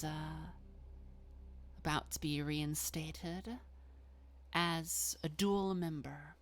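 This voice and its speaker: A woman voicing a cryptic, coaxing female vampire who talks in a soft, half-whispered, drawn-out way. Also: low voice, slight background noise.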